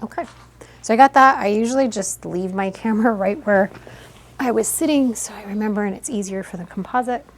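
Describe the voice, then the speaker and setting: A woman's voice: medium pitch, brisk, slight background noise. A woman photographer talking through a newborn photo session in her studio, chatty and instructive. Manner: instructive, chatty, coos softly to the baby. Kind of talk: explaining a photo session on camera.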